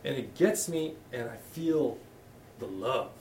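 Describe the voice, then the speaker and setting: Heard from a distance in an echoey church hall, a middle-aged man gives a sermon as pastor with a candid, conversational style, often starting sentences over. His mid-range voice is expressive, slow and a little mellow, with slight background noise.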